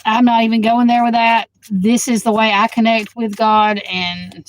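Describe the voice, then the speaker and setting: A woman's voice: fairly high pitch, little pitch movement, a little hiss or hum, low-quality recording. Blunt, fiery woman chatting on a livestream. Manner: blunt, outspoken, swears freely; quick to flare up at the chat. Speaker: tarot reader. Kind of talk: casual livestream chat.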